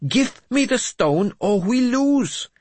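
A man voicing a mad old bishop in an audiobook, hissing and insistent in a high, strained voice. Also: sing-song, drawn-out words, breathy edge, dry recording, full character voice. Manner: hissing, shrill, urgent. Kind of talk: audiobook character voice.

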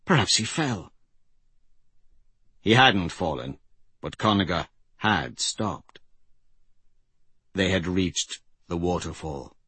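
Man, audiobook narrator, measured dramatic reading, low voice, dry close sound. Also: animated, pushed and bright, husky, no room sound. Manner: measured and dramatic, tense passages rise in pitch. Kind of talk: scripted fantasy narration.

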